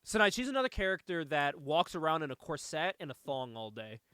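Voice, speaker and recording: A man with a high, bright voice recaps a movie in loose podcast chat, his pitch jumping all over the place. He laughs a lot and swears casually, and the sound is dry and close. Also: very animated, a little fast, clean tone, no room sound. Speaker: podcast host.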